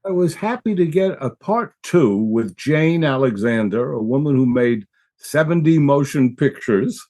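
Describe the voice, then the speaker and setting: A man's voice: medium pitch, lively intonation, a little slow, a little mellow. A man co-hosting a podcast, enthusiastically describing an upcoming guest in casual chat. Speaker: podcast co-host.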